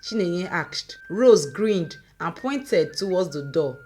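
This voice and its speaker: A woman, reading a dramatic folk story aloud in a lively, folksy manner. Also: lowish voice, slow pace, a little hiss or hum. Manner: lively folksy narration with local similes. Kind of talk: scripted story narration.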